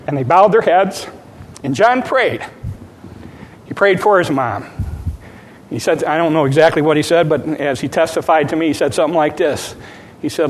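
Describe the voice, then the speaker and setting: A man preaching as a pastor, retelling a story and building to fervent preaching. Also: normal speed. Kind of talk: sermon. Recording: long hall reverb, faint rumble.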